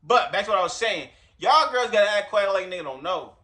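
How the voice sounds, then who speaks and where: A man's voice: high voice, animated, fairly quick, sharp tone. A man doing casual reaction commentary to camera, rambling and profane, talking straight to his viewers. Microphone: recording himself on camera.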